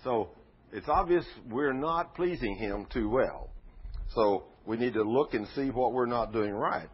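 A man's voice: mid-range voice, animated, measured pace, slightly rough, muffled recording. A man preaching a sermon, telling stories in a folksy way with rhetorical questions.

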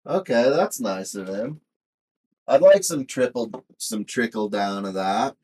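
A man's voice: mid-range voice, lively intonation, unhurried, darkish tone, breathy edge. A man co-hosting a podcast in a mumbly, laid-back way. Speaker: podcast co-host. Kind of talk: casual chat.

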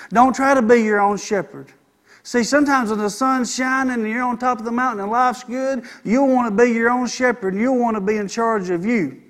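A middle-aged man, preaching a sermon and calling out for an amen. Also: high-pitched. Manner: preaching with call-and-response "Amen". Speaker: pastor.

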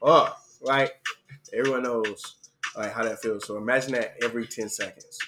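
A man's voice: medium pitch, steady tone, moderate pace, background noise. A young man in casual podcast chat, laid-back, explaining things at length. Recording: clear music behind.

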